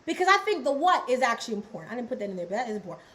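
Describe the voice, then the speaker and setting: High-voiced woman teaching on a livestream. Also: very animated, racing, fairly bright tone, low-quality recording. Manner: repetitive, call-and-response with the chat. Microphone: livestream setup.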